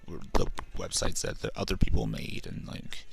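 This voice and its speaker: A man's voice: moderate pace, over music. A young man from Canada streaming a game, rambling casually, stumbling over his words and swearing freely as he corrects himself. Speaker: let's play streamer.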